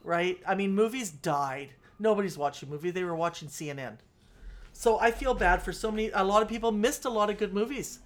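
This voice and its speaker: California woman cohosting a podcast, animated and emphatic, laughs a lot, middle pitch. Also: fairly quick. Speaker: podcast co-host. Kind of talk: casual chat.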